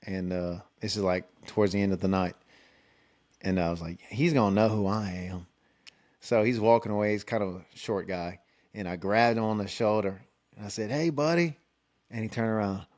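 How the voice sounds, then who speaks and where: A young man, a country singer hosting his own podcast, telling concert stories in a relaxed, excitable way, jumping up in pitch to act out the people he quotes. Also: fairly quick. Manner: laid-back, excitable, acts out quotes with raised pitch. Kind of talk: casual storytelling.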